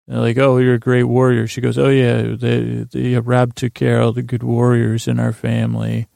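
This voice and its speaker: Gravelly, rambling man recapping a show. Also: mid-range voice, completely flat delivery, moderate pace, mellow, dry recording, clean studio sound. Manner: meandering, full of fillers and restarts. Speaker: podcast host recapping a TV episode.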